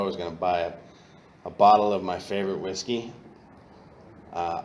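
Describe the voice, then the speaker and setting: A man telling his recovery story at a meeting, candid and profane, and he gets loud when he acts out old moments. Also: low voice, reverberant, a little hiss or hum. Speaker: AA meeting speaker. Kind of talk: personal recovery talk. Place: meeting room.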